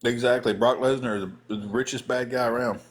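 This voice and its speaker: A man who used to wrestle professionally tells his old ring stories to a live chat. He talks in a casual, animated way and acts out the other people's voices. His voice sits at an ordinary middle pitch for a man. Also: a little fast. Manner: animated storyteller acting out voices. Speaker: former pro wrestler telling stories. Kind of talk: casual live-stream storytelling.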